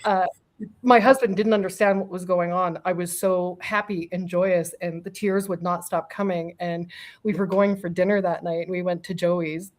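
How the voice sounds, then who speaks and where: A woman's voice: lowish voice, fairly even intonation, normal speed. A middle-aged woman, a medium and guest, telling a personal story in a casual interview. She laughs often, swears offhandedly and acts out quotes.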